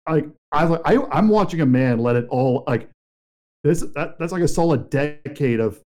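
A young man co-hosting a casual podcast chat, telling a story excitedly and acting out quotes. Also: a little high, moderate pace. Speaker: podcast co-host.

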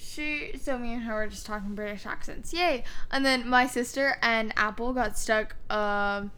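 Giggly young woman with a bright voice. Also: a little high, clean tone. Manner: giggly, rambling, quick to laugh. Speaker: podcast co-host. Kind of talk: casual chat.

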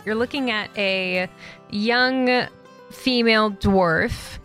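A woman's voice: mid-range voice, takes it slowly, a bit bright, soft background music. A woman game master narrating a tabletop game in a loose way, full of fillers. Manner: loose, many fillers and likes.

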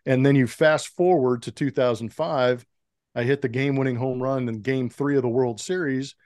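On a podcast, a middle-aged man who once played pro baseball recounts stories as a guest, animatedly voicing the people in his quoted exchanges. He speaks at a normal speed in a medium pitch, captured in studio quality with no room sound.

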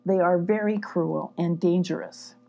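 A woman's voice: lowish voice, unhurried, gravelly, mellow, faint music behind. A woman voicing a protective forest animal who firmly warns and explains, in a storybook reading. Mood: explaining. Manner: firm, explaining.

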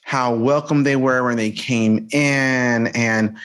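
A man's voice: mid-range voice, fairly even intonation, takes it slowly, fairly bright tone, smooth. A man hosting a podcast, chatty and emphatic, mixing French greetings into his English. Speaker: podcast host. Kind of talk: casual podcast chat.

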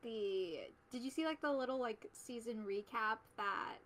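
A woman's voice: on the high side, unhurried, fairly bright tone. A young woman co-hosting a casual podcast, chiming in with eager agreement and laughs. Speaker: podcast co-host. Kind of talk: casual chat.

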